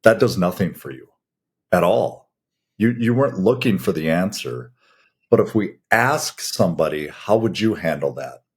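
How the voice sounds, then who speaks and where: A middle-aged man with a low, husky voice talks through leadership lessons as a podcast co-host. His delivery is blunt and folksy, like a coach talking straight with his team. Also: lively intonation, moderate pace. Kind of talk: casual coaching talk.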